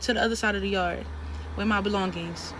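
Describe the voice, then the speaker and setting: A woman telling a story in a casual vlog, animated and emphatic, with lots of slang. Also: mid-range voice, brisk, noisy background. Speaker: trucking trainee telling a story.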